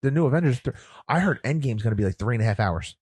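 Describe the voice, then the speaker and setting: Fast, lively male podcast co-host. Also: mid-range voice, husky, no room sound. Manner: quick, excited banter about movies. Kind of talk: casual chat.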